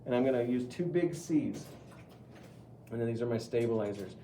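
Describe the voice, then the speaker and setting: A man's voice: medium pitch, moderate pace, mellow, slight background noise. A middle-aged man teaching pottery at the wheel, chatty and talking students through each step. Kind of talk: live wheel-throwing demonstration.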